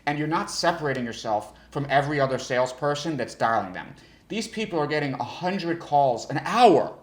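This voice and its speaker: A male sales trainer giving an energetic coaching talk who restarts his sentences and demonstrates different tones. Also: on the high side, fairly quick, reverberant. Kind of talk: instructional talk.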